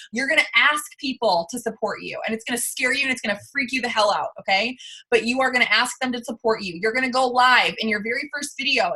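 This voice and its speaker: A woman's voice: fairly high pitch, bright, forceful tone, slightly rough. A woman in her thirties leading a motivational training talk on a video call, emphatic and repeating her points. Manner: emphatic, repeats for effect, keeps saying "you guys". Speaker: sales team leader.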